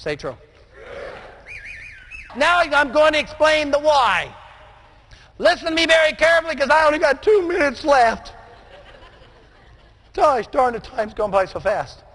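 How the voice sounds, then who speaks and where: A man with a strikingly high voice delivers a motivational speech, urging his audience to answer him back. He often breaks into shouts. A faint room hum sits behind him. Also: big pitch swings, unhurried, long pauses. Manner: call-and-response, often shouting. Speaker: motivational speaker.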